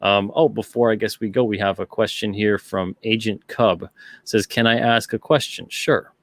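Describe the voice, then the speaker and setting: A middle-aged man with a lowish voice hosts a laid-back livestream. He picks up viewer questions and talks them through in an easygoing, unhurried way. The recording is dry and close. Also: fairly even intonation, dry recording. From not British. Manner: easygoing, thinks aloud, reads viewer chat questions aloud. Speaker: podcast host. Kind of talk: casual livestream chat.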